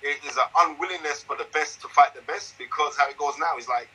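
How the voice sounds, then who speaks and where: A middle-aged man guesting as a boxing analyst, telling stories in an animated, emphatic way. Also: fairly high pitch, quick pace, breathy edge, rough recording. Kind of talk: casual interview chat.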